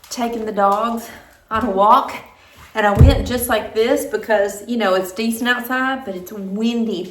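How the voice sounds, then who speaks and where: A middle-aged woman, chatting casually to camera in her kitchen as a homey vlogger. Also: on the high side. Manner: chatty, homey, talks while snacking. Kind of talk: casual vlog chat. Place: home kitchen, indoors. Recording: echoey room.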